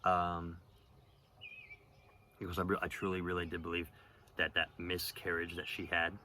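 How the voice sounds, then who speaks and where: A man's voice: sits low, normal speed, slight background noise. A young man telling a personal story in a casual, rambling way, swearing often and filling gaps with ums and likes. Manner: rambling, profane, full of fillers; gets louder and more animated in later stretch. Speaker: vlogger.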